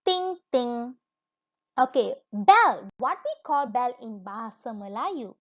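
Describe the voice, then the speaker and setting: A woman's voice: a little high, sing-song, a little slow, a bit bright. A woman with a Malaysian accent teaching a lesson to young children, coaxing them along in a sing-song way. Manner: sing-song, coaxing, imitates animal and object sounds. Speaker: kindergarten teacher. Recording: dull lo-fi recording.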